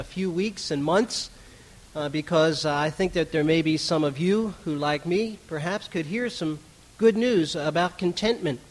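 A middle-aged man preaching a sermon to his congregation in a conversational, animated way with asides. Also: a little high, poor audio. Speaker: pastor.

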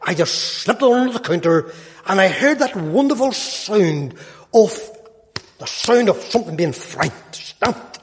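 A man's voice: high voice, lively intonation, unhurried. A man in his sixties telling a personal testimony with folksy, self-mocking humour. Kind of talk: storytelling testimony. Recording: long hall reverb.

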